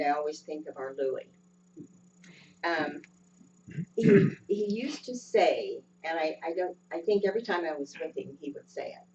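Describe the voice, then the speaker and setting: A woman giving a sermon in a gentle, unhurried way, pausing often with ums. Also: low-pitched, sing-song. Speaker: lay speaker. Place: church sanctuary. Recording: dull distant sound with faint hum.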